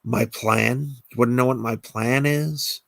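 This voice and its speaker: A man's voice: medium pitch, fairly even intonation, a little slow, creaky, fairly bright tone, dry recording. A man reads a script aloud and voices an armed woman villain who hallucinates, mocking one moment and frantic the next. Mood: scheming.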